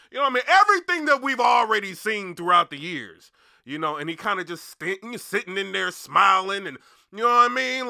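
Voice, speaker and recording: A man, a battle rap blogger, rambling through a casual commentary rant, full of "you know what I mean" and turning loud and heated. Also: fairly high pitch, gravelly, no room sound, studio quality.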